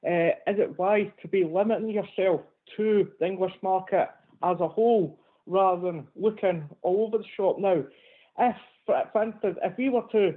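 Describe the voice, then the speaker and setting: High-voiced caller on a tinny phone line. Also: male voice. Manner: measured, explains his point with hesitations. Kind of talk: phone-in call.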